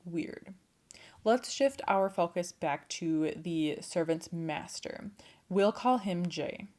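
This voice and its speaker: A young woman tells an old folktale in a loose, chatty way, dropping swear words and laughing asides into the story. Her voice sits a little low for a woman. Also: slow, a little mellow. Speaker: storyteller and channel host. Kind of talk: casual storytelling with voiced quotes.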